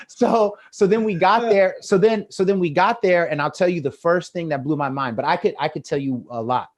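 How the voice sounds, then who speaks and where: A man with an American accent telling lively stories in casual chat over a video call, acting out the quotes with a rising voice. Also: a little high, brisk, hardly any pauses. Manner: animated, acts out quotes with rising voice. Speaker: guest storyteller.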